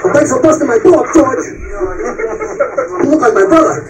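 A man's voice: extremely high pitch, very animated, measured pace, distant mic, exaggerated voice, low-quality recording. A man playing a boastful seminar guru who insults the crowd in broken English, heard from a stage recording. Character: brash boastful male real-estate seminar guru. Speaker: stand-up comedian.

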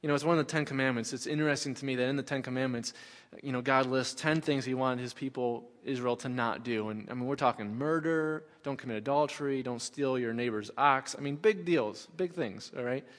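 A man's voice: medium pitch, brisk, hardly any pauses. Man preaching in an echoing hall. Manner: conversational preaching with repeated phrases. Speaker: pastor. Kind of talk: sermon. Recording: long hall reverb.

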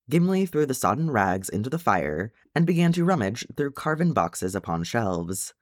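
A man reading a fan fiction story aloud with expressive narration. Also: medium pitch, moderate pace, hardly any pauses, dry recording, studio quality. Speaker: reader.

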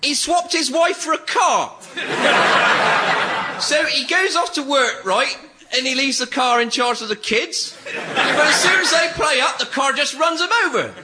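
A man's voice: extremely high pitch, lively intonation, measured pace, very noisy. A man rambling through absurd anecdotes in a radio comedy sketch, full of working-class slang.

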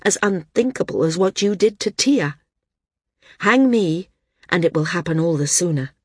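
A woman voicing a defiant female flyer who delivers calm, menacing warnings. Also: lowish voice, moderate pace, husky, no room sound, clean studio sound. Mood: cold warning. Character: defiant young woman flyer issuing threats.

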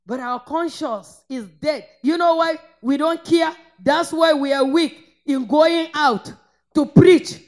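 A woman from northern Nigeria, preaching a fervent sermon that swings between shouted praise and low, intense rebuke. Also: slow.

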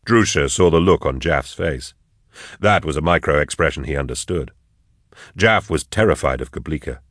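A man reading a novel aloud as narrator, in a steady, measured storytelling manner. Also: very deep voice, no echo, studio quality. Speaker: audiobook narrator. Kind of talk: scripted narration.

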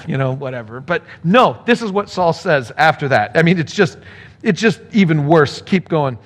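Animated, high-voiced male pastor. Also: normal speed. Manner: animated, playful, acts out the characters. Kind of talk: sermon with scripture reading.

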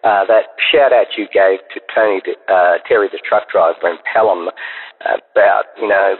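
An Australian man leaves a hesitant phoned-in message. His voice sits low and slightly husky. The line is tinny and carries a long reverb tail. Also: fairly even intonation, normal speed. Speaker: caller.

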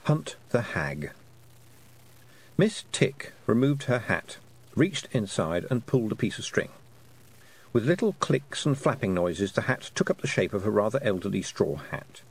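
A man narrating an audiobook with expressive storytelling. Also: fairly low pitch, a little slow, slightly rough. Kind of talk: scripted narration.

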